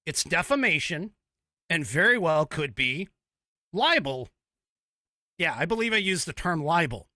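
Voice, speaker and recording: Angry ranting man, forceful and lively. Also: a little high, measured pace, long pauses, no room sound, clean studio sound. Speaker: podcast host. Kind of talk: opinion podcast monologue.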